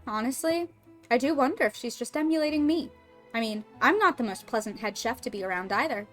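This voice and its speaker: A woman voicing a stern, proud former head chef who speaks in a dry, measured, self-critical way. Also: on the high side, animated, soft background music, close to an everyday voice. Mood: wry.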